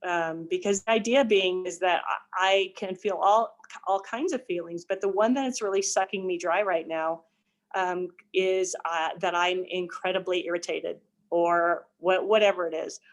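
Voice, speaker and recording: Casting note: older woman, low-ish voice, earnest counselor explaining calmly. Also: moderate pace. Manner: earnest, explanatory, some restarts. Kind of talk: casual discussion.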